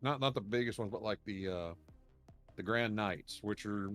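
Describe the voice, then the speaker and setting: A man's voice: fairly low pitch, moderate pace, a bit bright, soft background music. A man, a podcast co-host telling a long story in rambling, profane casual chat. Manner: rambling, profane, laughs while telling stories.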